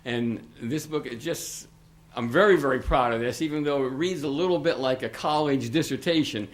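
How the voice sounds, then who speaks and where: A man's voice: medium pitch, moderate pace. Chatty older man, echoey meeting room. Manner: rambling, chatty, with frequent restarts and asides. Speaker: local author addressing township committee. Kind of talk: informal public remarks at a meeting.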